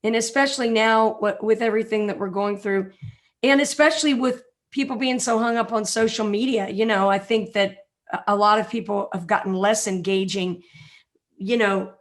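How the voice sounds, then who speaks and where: A woman's voice: medium pitch, moderate pace. A woman hosting a podcast, chatting casually with a guest in a friendly, teasing way. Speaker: podcast host.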